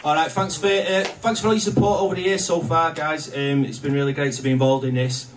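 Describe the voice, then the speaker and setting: A man's voice: a little high, fairly even intonation, fast. Rambling male host. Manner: loose, self-deprecating, hesitant with fillers. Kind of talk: casual stage hosting. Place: live music studio venue. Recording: distant live room with noise.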